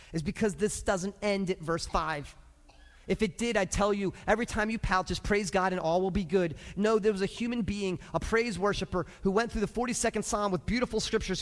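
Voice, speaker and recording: High-voiced preacher in an echoing church. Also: male voice. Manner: swings from quiet asides to loud shouted exhortation. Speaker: pastor. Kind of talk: sermon. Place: church sanctuary.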